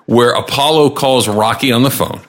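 A man co-hosting a movie podcast with wry, quick remarks in casual banter. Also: medium pitch. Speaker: podcast co-host.

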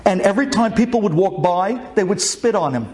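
A man telling a religious folk tale in an animated, dramatic way. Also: high voice, brisk. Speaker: storyteller.

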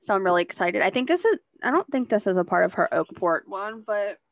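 A woman's voice: mid-range voice, brisk, vocal fry, dry recording. A woman hosting a book podcast, chatting casually and keenly about new releases. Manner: relaxed, chatty, enthusiastic about books. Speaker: podcast host. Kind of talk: casual chat.

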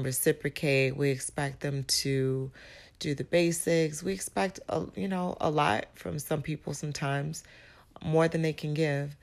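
Hosting her podcast, a woman delivers a casual motivational monologue in a low, gravelly voice. A recent illness has left her raspy and hoarse, and she talks slowly and reflectively, pausing as she searches for words.

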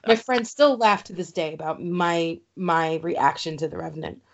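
A woman chatting casually as co-host, telling stories emphatically and with lively feeling. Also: on the low side, normal speed, vocal fry. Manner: animated, emphatic storyteller. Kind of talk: casual chat. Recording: slightly dull lo-fi sound.

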